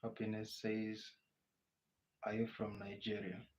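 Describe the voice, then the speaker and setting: The voice is low, monotone, slightly slow, and darkish in tone, belonging to a Kenyan man with a Kenyan English accent. As host of an informal live Q&A, he reads viewer comments and responds in a chatty way, captured on muffled lo-fi audio with faint background noise.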